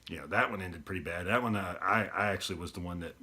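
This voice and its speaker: A deep-voiced man, talking to camera as a podcast host. He rambles in an easygoing, unpolished way. His low, heavy voice carries the whole casual chat. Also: fast talker, bright, forceful tone, husky. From East Texas. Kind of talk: casual solo video podcast talk.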